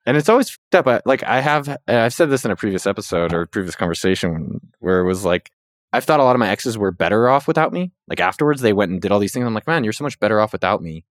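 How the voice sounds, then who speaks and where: Man, thirties, casual podcast talk, rapid, lively retelling, dry studio sound. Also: no echo. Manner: animated storytelling, jumps up in pitch when quoting. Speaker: podcast host.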